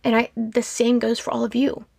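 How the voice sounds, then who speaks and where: A woman in her twenties hosting a podcast, talking in an earnest, emphatic way and jumping into quick motivational rants. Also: fairly high pitch, completely flat delivery, vocal fry, a little mellow, breathy edge, dry recording, clean studio sound. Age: 20s. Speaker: podcast host. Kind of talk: motivational solo podcast talk.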